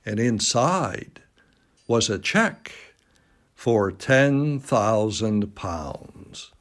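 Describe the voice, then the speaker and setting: A man's voice: lowish voice, expressive, very slow. A man reading a classic story aloud at a dining table at home, recorded on a phone, with dry self-mocking humor. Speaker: reader. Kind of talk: slow storybook narration.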